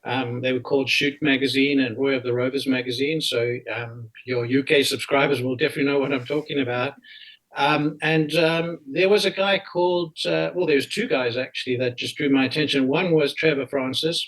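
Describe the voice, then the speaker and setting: A South African man in his fifties, an interview guest telling a story in a casual, animated way and often tagging his lines with "right?". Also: mid-range voice, fairly quick, low-quality recording.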